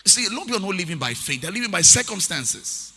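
A man's voice: high-pitched, very animated, quick pace, sharp tone, breathy edge. A man preaching a sermon as pastor, repeating key phrases for emphasis and reading scripture aloud. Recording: long hall reverb.

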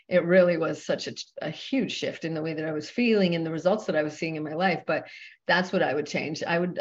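A woman who works as a personal trainer and yoga instructor is a guest on a podcast interview. Her voice is on the low side and smooth and measured, like a radio host's, on a lo-fi recording.

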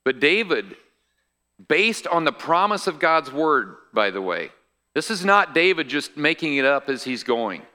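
A man's voice: fairly high pitch, very animated, a little slow, pushed and bright. A male pastor preaching a sermon in a conversational way, explaining scripture with asides to the congregation.

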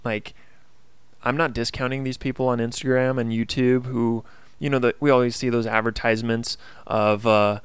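A man rambles through a casual solo podcast, keen and motivational, with a lot of fillers. His voice is smooth with a gravelly edge. He is recorded close to the mic, so the sound is dry. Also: mid-range voice, steady tone, a little fast, dry recording. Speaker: podcast host.

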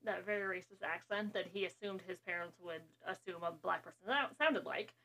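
A podcast co-host with a fairly low, sharp-toned voice rambles casually about a movie while watching it, tossing in quick asides and laughing.

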